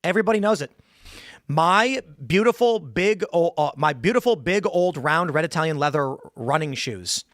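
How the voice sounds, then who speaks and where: A man with a slightly high voice hosts a relaxed panel talk show. He talks things through at length, musing aloud over a close, dry studio microphone with no room sound. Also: normal speed, few pauses, no echo. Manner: explains at length, muses aloud. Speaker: podcast host. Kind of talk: casual panel chat.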